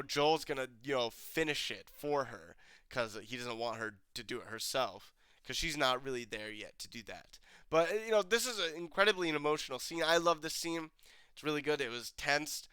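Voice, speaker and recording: A man's voice: medium pitch, sharp tone, clean tone, dry recording. A man casually reviewing a TV episode, rambling with fillers and restarts, a bit stuffy-nosed from a cold. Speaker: TV review host. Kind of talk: casual commentary.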